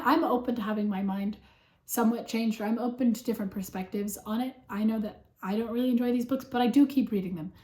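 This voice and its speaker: A woman with a hoarse, sick voice, hesitantly talking through a casual book review with lots of fillers. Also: medium pitch, a little mellow, roomy sound. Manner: hesitant, rambling, many fillers.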